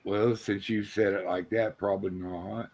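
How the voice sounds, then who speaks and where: A man's voice: on the low side, little pitch movement, moderate pace, creaky, darkish tone. A man on a casual livestream, making dry, crude jokes.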